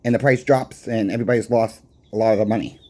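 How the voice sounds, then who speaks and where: A man's voice: on the low side, fairly even intonation, fast, warm tone. A man with a Boston accent, a coin shop owner giving a casual weekly market report in a conversational, emphatic way with rhetorical questions. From Boston, USA.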